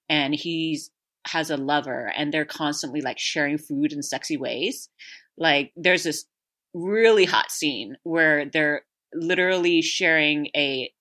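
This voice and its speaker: Chatty woman with a bright voice. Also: deep voice. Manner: rambling, animated, laughs often, many fillers. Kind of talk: casual chat, movie recommendation.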